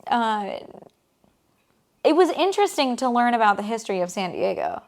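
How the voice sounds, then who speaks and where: Chatty woman with a fairly high voice. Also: sing-song, moderate pace. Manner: chatty, rambling storyteller with many restarts. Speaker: co-host. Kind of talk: casual chat.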